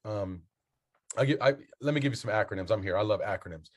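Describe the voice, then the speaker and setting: A man's voice: lowish voice, quick pace. A man, a basketball coach and mentor, talking as a podcast guest, earnest and motivational as he spells out his acronyms.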